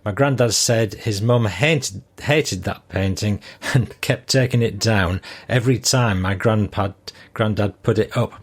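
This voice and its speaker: An older man hosting a podcast, reading listener messages aloud in a relaxed, conversational way. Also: fairly low pitch, unhurried. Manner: relaxed, conversational, with frequent ums. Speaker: podcast host.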